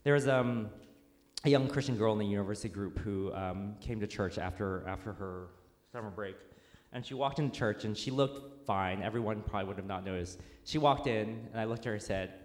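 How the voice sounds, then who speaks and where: Low-voiced male pastor in echoey church. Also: fairly quick. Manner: informal, storytelling with fillers and restarts. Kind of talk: conversational sermon. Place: church sanctuary. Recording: echoey hall with long reverb.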